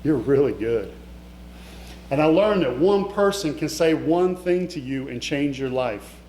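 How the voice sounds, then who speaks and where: A man's voice: fairly high pitch, moderate pace, a little mellow. A middle-aged man giving an emotional, conversational motivational talk in an event hall, speaking straight to his audience. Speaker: keynote speaker. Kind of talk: motivational storytelling speech. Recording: echoey hall with faint hum.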